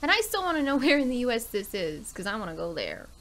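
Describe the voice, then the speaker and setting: A woman hosting a let's play, chatting casually and thinking aloud, now and then dropping to soft asides. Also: on the high side, big pitch swings, fast talker. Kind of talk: casual gameplay commentary.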